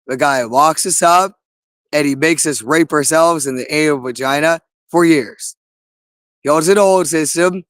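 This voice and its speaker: A man's voice: a little high, unhurried, a bit bright, dry recording. A man in an agitated, rambling monologue, cursing often and repeating himself. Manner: agitated, profane, repetitive.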